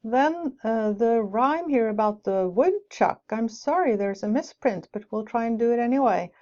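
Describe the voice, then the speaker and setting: A woman lectures in a mellow, soft-edged voice, explaining her points with light asides. The recording is dull and lo-fi. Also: on the high side, lively intonation, moderate pace. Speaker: teacher educator. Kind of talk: lecture on teaching English with rhymes.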